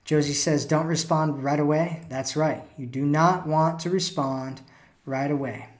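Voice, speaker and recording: A man's voice: fairly high pitch, fairly even intonation, measured pace. A man hosting a live stream as a dating coach, giving casual advice and reading out viewer comments, often tagging lines with "right?" and "you know".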